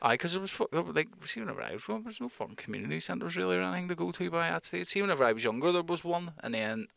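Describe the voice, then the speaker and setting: A man's voice: on the high side, big pitch swings, rapid-fire, gravelly, a bit bright. A young man with a Northern Irish accent, co-hosting a casual chat, swearing and laughing often. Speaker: podcast co-host. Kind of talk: casual banter.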